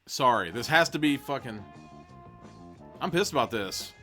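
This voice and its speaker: A man's voice: medium pitch, expressive, normal speed, sharp tone, soft background music. A man hosting a podcast, casually reading a gamebook aloud and breaking off with profane, joking asides. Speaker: podcast host.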